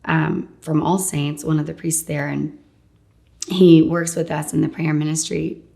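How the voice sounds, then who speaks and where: Gravelly-voiced woman telling her story. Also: low-pitched, flat delivery, unhurried, dark tone. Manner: candid, conversational storytelling with frequent "like". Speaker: guest sharing her testimony. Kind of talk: personal faith testimony.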